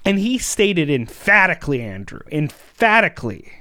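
A man's voice: a little high, expressive, moderate pace, hardly any pauses, fairly bright tone, clear, resonant tone, dry recording, clean studio sound. A man co-hosting a political commentary podcast, talking in an emphatic, sarcastic way. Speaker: podcast co-host.

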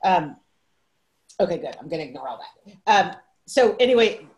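A woman in her fifties with a somewhat low voice, speaking casually into a video call microphone. She tells her story in an emotional, meandering way, stumbling over restarts and side remarks. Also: sing-song, moderate pace, a little mellow, muffled recording, slight background noise. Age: 50s. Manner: rambling, emotional, full of restarts and asides. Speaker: livestream host.

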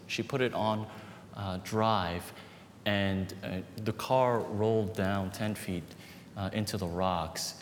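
A man in his thirties preaching a sermon, telling personal stories with lively rises and quiet drops. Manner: storytelling, animated with dips to quiet. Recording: reverberant hall with faint rumble.

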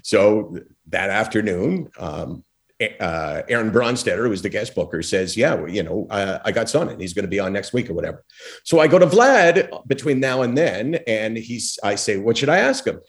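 A former talk show host telling lively stories as a podcast guest, acting out quotes and using lots of fillers. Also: male voice, fairly low pitch, moderate pace. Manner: animated storyteller, acts out quotes, frequent fillers. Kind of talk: storytelling in a podcast interview.

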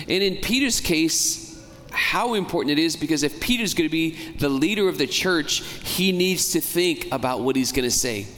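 A man preaching a homily as a priest, talking in a conversational way, asking the congregation questions and slowing down to stress key words. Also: fairly high pitch, animated, fairly bright tone, a little hiss or hum. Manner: slows down and stretches key words for emphasis. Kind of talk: sermon. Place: church. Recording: long church reverb, faint ambience.

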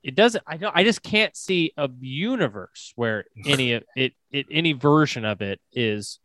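A man's voice: medium pitch, animated, normal speed, bright, forceful tone, no echo. A man co-hosting a podcast, rambling and restarting in casual chat. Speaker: podcast co-host.

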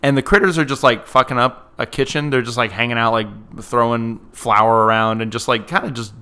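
Bright, smooth-voiced man recapping a movie. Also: medium pitch, steady tone, a little fast. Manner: chatty, fills with "like" often, laughs easily. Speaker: podcast co-host. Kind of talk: casual movie recap chat.

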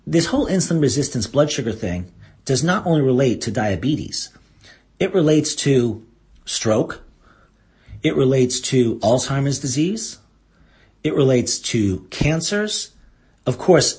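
A man hosting a health radio show as a doctor, talking listeners through the topic in an animated way. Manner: animated, mock-quotes listeners in a higher voice. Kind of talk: health talk radio monologue.

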